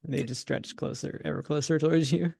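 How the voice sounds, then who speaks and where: A man narrating a tabletop horror game as game master, in a relaxed manner, chuckling between descriptions. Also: a little high, brisk, gravelly, husky, dry recording, studio quality.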